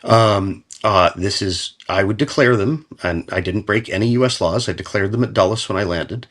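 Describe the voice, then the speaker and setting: An American man, a guest on an interview podcast, telling a story in a lively, casual way with many fillers, restarts and chuckles. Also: on the low side, moderate pace. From United States. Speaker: podcast guest, company founder.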